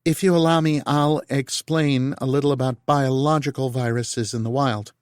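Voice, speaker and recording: A man's voice: medium pitch, fairly even intonation, normal speed, clear, resonant tone, dry recording, studio quality, natural voice. A male narrator voicing a female scientist who explains viruses patiently, like a lecture. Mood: explaining.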